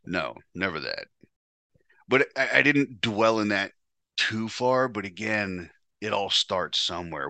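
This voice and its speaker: A man's voice: sits low, bright, forceful tone, no echo. A man hosting a podcast, telling a candid personal story in a blunt, profane, confessional way. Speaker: podcast host.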